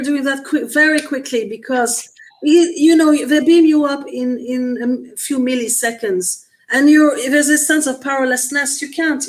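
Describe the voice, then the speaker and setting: A woman's voice: high-pitched, poor audio. A woman guest in a conversational interview, explaining earnestly while searching for words with frequent restarts. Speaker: guest experiencer.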